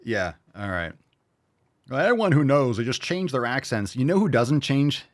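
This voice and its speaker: A man's voice: medium pitch, very animated, normal speed, dry recording. Profane ranting male host, dry sound. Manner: blunt, profane, mocking. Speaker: host reacting to videos. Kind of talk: ranting reaction commentary.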